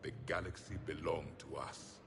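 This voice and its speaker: An actor playing a proud, scornful ancient alien soldier who speaks in a grave, measured, condescending way. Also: male voice, a bass voice, fairly even intonation, slight background noise. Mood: brooding.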